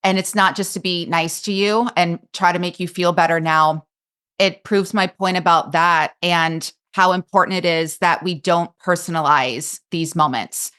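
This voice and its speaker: A woman's voice: fairly low pitch, steady tone, normal speed, fairly bright tone, clean tone. A woman speaking as a coach on a podcast in casual conversation, earnest and emphatic and openly emotional, recorded on a podcast microphone.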